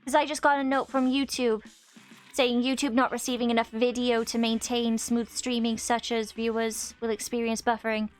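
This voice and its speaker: A woman's voice: fairly high pitch, flat delivery, normal speed, faint music behind. A woman in her twenties chatting casually on a live stream while she plays, reading chat aloud and laughing often. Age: 20s.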